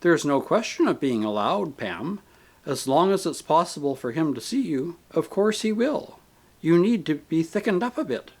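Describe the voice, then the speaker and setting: A man voicing a gentle, patient male spirit who speaks calmly and kindly, reasoning with a grieving soul in an audiobook. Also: fairly high pitch, moderate pace. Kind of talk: audiobook character reading.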